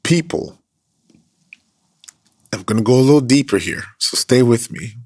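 A man's voice: medium pitch, animated, normal speed, darkish tone, dry recording, clean studio sound. A man preaching a sermon as pastor, earnest, sometimes dropping to a whisper for emphasis.

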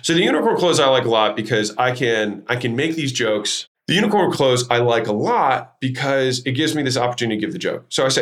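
A man hosting his own podcast, teaching sales techniques in an emphatic, energetic way, shifting his tone and pace to make points. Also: medium pitch, brisk, hardly any pauses. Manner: energetic, emphatic, varies tone to demonstrate. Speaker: podcast host.

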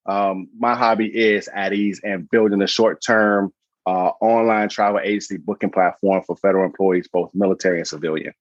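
A man's voice: deep voice, normal speed, dry recording, highs cut off. A man in his thirties, a podcast guest and founder, telling a story casually and acting out the voices in his anecdotes. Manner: animated, acts out voices in anecdotes.

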